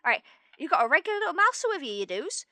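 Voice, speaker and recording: A woman plays a rustic farmhand spinning a folksy yarn in thick country dialect. The voice sits high and bright, swinging about as the tale goes, recorded close and dry. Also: very animated, racing, no echo, exaggerated voice. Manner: folksy dialect, losing the thread. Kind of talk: improvised tabletop role-play.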